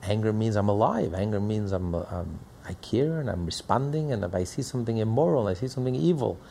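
Male rabbi lecturing, emphatic, gravelly and lively in pitch. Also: slight background noise. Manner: emphatic, repeats phrases while building a point. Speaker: rabbi teaching a class. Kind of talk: Torah lecture.

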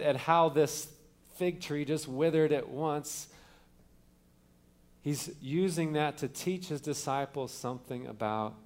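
Male pastor, slightly high voice, casual sermon delivery with restarts. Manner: conversational teaching with fillers and restarts; opens with a quiet prayer.

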